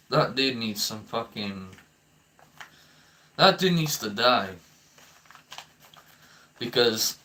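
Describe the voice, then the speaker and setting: Bright-voiced young man ranting, heated and profane. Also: medium pitch. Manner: heated, profane, stammering restarts. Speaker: vlogger. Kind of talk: ranting commentary to camera.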